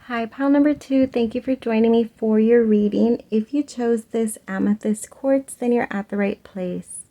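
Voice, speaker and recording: A young woman giving a casual pick-a-card tarot reading, chatty and full of "like" and "um", laughing often and trailing off softly at the ends of phrases. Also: on the high side, normal speed, muffled recording. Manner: uneven loudness, trails off soft at phrase ends. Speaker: tarot reader.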